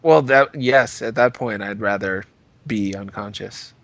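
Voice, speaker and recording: A man's voice: on the low side, a little slow, a bit bright, dry recording. A man co-hosting a comedy podcast, reacting with dismay and self-deprecating jokes. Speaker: podcast co-host.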